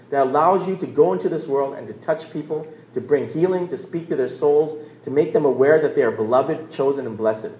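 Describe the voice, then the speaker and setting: A man's voice: a little high, a little mellow. A man, preaching a sermon in a conversational storytelling way. He often restarts words and checks in with "right?". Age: 40s. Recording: roomy echo.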